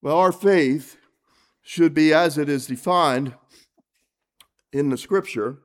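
A high-voiced man preaches an evening sermon in church. He reads scripture and turns often to the congregation with earnest questions. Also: takes it slowly.

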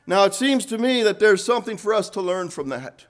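A man preaching a sermon, earnest, rising to fervent emphasis and then dropping soft. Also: high voice, expressive, fairly quick.

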